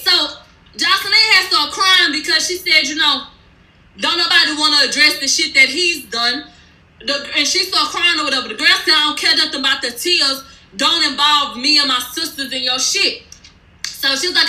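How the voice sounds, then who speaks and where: A woman's voice: high-pitched, moderate pace, pushed and bright, roomy sound, low-quality recording. A woman recapping a reality show in a casual, blunt and heated way, swearing freely. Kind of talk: casual profane storytelling recap.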